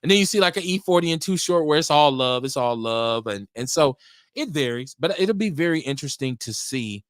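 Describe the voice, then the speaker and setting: Speaking a little quickly, a middle-aged podcast host from Milwaukee, USA, carries on a talkative, meandering solo show. His pitch sits in the middle range but swings up lively and often as he builds momentum. Everything is recorded dry and close, with no room sound.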